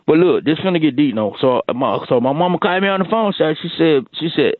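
A man's voice: on the high side, animated, fast talker, no room sound, narrow, tinny audio. A man on a morning radio show, rambling through a comedic bit with heavy slang. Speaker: radio show cast member.

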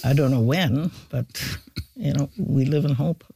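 A man guesting on a radio interview, speaking slowly and thoughtfully. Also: fairly high pitch, creaky, mellow, slightly rough, dry recording.

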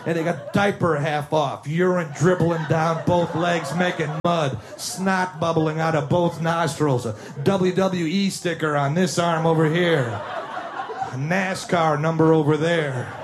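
A man's voice: a little high, fairly even intonation, unhurried. A man doing a stand-up comedy set, rattling off mocking riffs and long lists. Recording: live club with crowd and noise.

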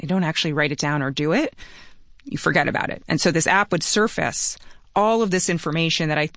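A man's voice: a little high, a bit bright, dry recording. Man telling stories in a dry studio. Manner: storytelling, conversational with quick asides. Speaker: guest. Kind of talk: interview conversation.

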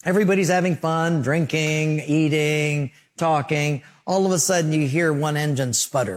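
A man's voice: fairly high pitch, fairly quick, hardly any pauses. A man preaching a sermon, telling stories and acting out short voices and sound effects. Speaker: pastor.

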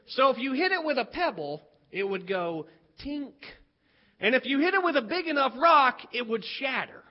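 A man from West Virginia performing a comic childhood story, animated and acting out the voices. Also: very high voice, moderate pace. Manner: animated, acts out voices, builds to punchlines. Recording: dull lo-fi recording.

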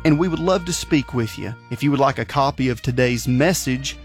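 A man reading a scripted announcement for a religious radio program, earnest and measured, slowing down for phone numbers. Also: mid-range voice. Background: guitar music.

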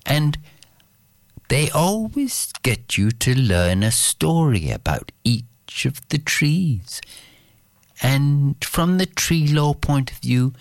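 Very low gravelly lady spinning an old folk tale, slow and lilting, dry close sound. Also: no echo. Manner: slow, drawn-out, lilting, swoops up for lively parts. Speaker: storyteller. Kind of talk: oral folk storytelling.

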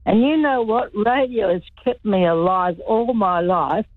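A woman's voice: mid-range voice, a little slow, no echo. A woman, calling in to a radio talk show and reminiscing earnestly. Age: 70s. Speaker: caller. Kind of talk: call-in radio chat. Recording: tinny phone line.

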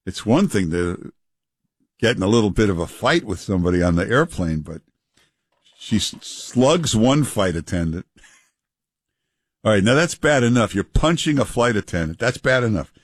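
Wry, low-voiced New radio host. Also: male voice, animated, husky, no echo, studio quality. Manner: unhurried, wry, chuckling banter. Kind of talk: casual talk radio chat.

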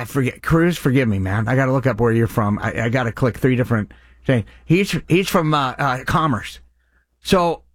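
A middle-aged man hosting a live radio charity appeal, eagerly thanking callers by name and stumbling over his words when excited. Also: a little high, no echo, clean studio sound. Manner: excitable, names donors with loud bursts of enthusiasm; stutters and restarts when excited. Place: radio studio.

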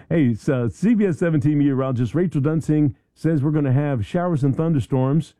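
A man's voice: on the high side, normal speed, dark tone. A man hosting morning talk radio in a studio, chatty and joking about himself. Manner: jokey, chatty, self-deprecating. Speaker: radio talk show host.

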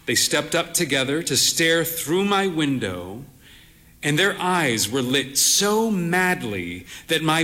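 Slow, lyrical male storyteller. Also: mid-range voice, sharp tone. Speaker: narrator. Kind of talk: literary storytelling.

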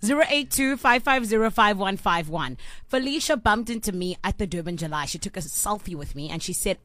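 A woman's voice: mid-range voice, animated, fairly quick, a bit bright, no room sound. A young woman hosting a radio show, telling a story with playful, teasing energy. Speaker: radio host.

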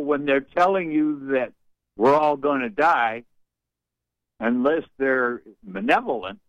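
A man's voice: fairly high pitch, a bit bright, no room sound. An older man calling in to a talk radio show, rambling along in a folksy way with colorful sayings. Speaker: radio caller. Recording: muffled phone line.

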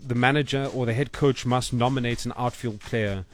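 A man's voice: mid-range voice, fairly even intonation, moderate pace. A man presenting sports news on a radio show, explaining rule changes patiently and steadily.

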